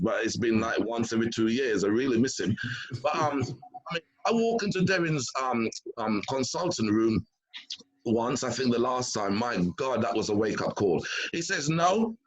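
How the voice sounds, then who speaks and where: A man's voice: medium pitch, normal speed, muffled recording, a crowd in the background. A man speaking as a doctor on a health panel, talking with emphasis, often repeating words as he starts sentences and acting out the people he quotes. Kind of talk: animated panel talk.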